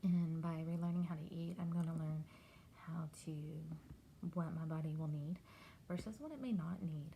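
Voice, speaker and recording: A middle-aged woman from Texas, talking candidly and haltingly in a personal video diary. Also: low voice, mellow, a little hiss or hum, rough recording. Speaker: vlogger.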